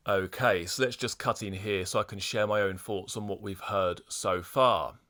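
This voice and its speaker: Low-voiced male podcast host. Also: steady tone, normal speed, sharp tone. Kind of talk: podcast commentary and interview questions.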